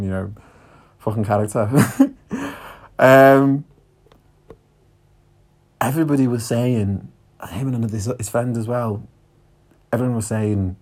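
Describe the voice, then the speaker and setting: Chatty Scouse man, lowish voice. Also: darkish tone. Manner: chatty, laughs often, swears casually. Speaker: podcast host. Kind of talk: casual storytelling monologue.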